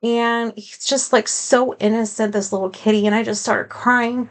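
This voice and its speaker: A woman with a fairly high voice hosts her own podcast, thinking out loud in a loose solo monologue. She rambles and drifts into tangents, with plenty of fillers, and speaks frankly and openly about her feelings. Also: little pitch movement, moderate pace, few pauses. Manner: frank and emotional, with many fillers. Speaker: podcast host. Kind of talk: casual personal podcast monologue.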